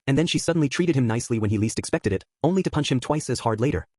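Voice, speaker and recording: A man narrating an audiobook with a steady storytelling read. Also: mid-range voice, racing, dry recording, studio quality. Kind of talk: scripted narration.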